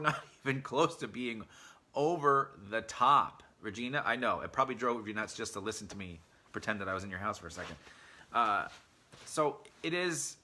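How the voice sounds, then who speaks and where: A man's voice: mid-range voice, bright, forceful tone. A man who trains dogs, talking earnestly in a casual podcast monologue and often repeating himself as he addresses his listeners directly. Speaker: dog trainer.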